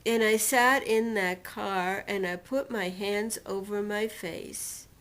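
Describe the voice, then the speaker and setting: Woman, personal storytelling, emotional retelling, deliberate pauses, mid pitch. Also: steady tone, a bit bright. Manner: emotional retelling, quotes others and herself dramatically. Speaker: personal testimonial speaker.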